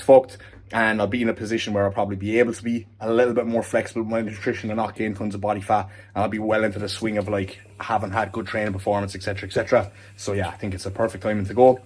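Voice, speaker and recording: A man's voice: fairly low pitch, little pitch movement, very fast, a little mellow, slight background noise. Upbeat, chatty Irish man. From Ireland. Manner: upbeat, chatty, swears casually. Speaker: fitness coach and vlogger. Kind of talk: casual vlog chat. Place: car, home and outdoors.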